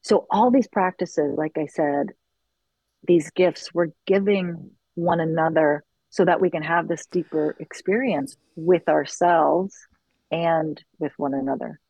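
A middle-aged woman who leads sharing circles, talking earnestly and reflectively in an interview, with lively bursts when she quotes others. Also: low-pitched, a little slow, breathy edge, no echo, poor audio. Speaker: circle facilitator. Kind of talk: conversational interview.

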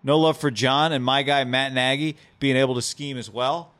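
A man's voice: mid-range voice, fairly even intonation, a bit bright. A man co-hosting a casual sports podcast, rattling through ad reads and mailbag questions. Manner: rapid ad reads, playful. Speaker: podcast co-host.

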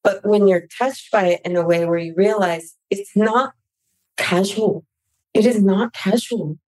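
A woman's voice: medium pitch, a little slow, a little mellow. A woman hosting a podcast, chatting casually and reacting with emphatic, sympathetic remarks. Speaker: podcast host.

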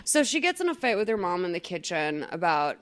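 A woman's voice: fairly low pitch, very animated, fairly quick. A woman hosting a podcast in casual chat, rambling, full of "like" and casual swearing. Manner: rambling, says "like" constantly, swears freely. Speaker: podcast host.

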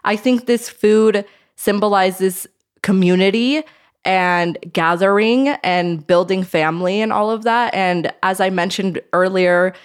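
A woman's voice: mid-range voice, fairly even intonation, unhurried, smooth. Enthusiastic woman podcast guest. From Idaho. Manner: enthusiastic, reflective, often says "I feel like". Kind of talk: casual podcast chat.

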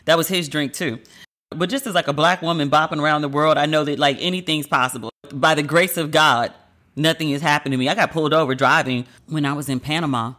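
Bright, forceful woman host, candid. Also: sits low, quick pace. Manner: candid and rambling, with asides. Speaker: podcast host. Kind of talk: casual news commentary.

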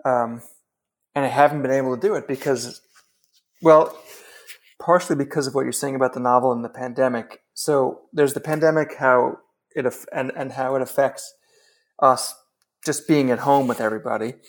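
A man's voice: mid-range voice, steady tone, normal speed. A man, a novelist, talking candidly and loosely about writing and his work in a casual conversation. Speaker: novelist guest.

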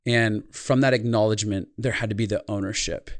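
This podcast guest, a life consultant, recounts a reflective personal story with earnestness during an interview conversation. His fairly low voice stays steady in tone and runs a little fast, captured in a dry recording.

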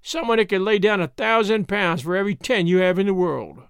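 Man putting on a shrill, sulky servant woman. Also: brisk, no echo, studio quality, lightly acted. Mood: sullen defiant. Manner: shrill, rough rustic speech.

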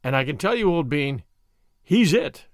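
A man's voice: fairly high pitch, big pitch swings, normal speed, no echo, clean studio sound. A man voicing a level-headed young man who talks in an easygoing, matter-of-fact way.

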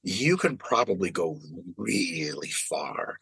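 A man's voice: low-pitched, big pitch swings, slow pace, gravelly, fairly bright tone, slightly rough, dry recording, rough recording. A man hosting a podcast, talking casually and animatedly, swearing and mimicking other people's voices. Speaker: podcast host.

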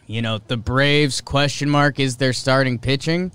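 Casting: young male podcast host, chatty sports takes, smooth clear voice, dry close sound. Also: mid-range voice, steady tone, fairly bright tone, dry recording. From American North. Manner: chatty, opinionated, quick asides. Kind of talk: casual sports talk.

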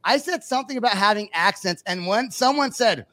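A man's voice: high-pitched, animated, a little fast, pushed and bright. An American man hosting a podcast interview in a loose, rambling, casual way, swearing freely. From United States. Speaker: podcast host.

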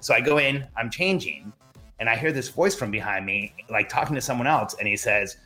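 A middle-aged man telling a long personal story in a conversation, animated and acting out the dialogue. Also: mid-range voice, fairly quick, soft background music. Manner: animated, acts out quoted dialogue. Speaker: podcast guest.

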